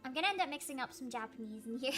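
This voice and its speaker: A woman's voice: high-pitched, lively intonation, rapid-fire, music in the background. A young woman streamer chatting casually through a Q&A, giggly and self-deprecating, with lots of fillers. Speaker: vtuber streamer. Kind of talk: casual Q&A chat.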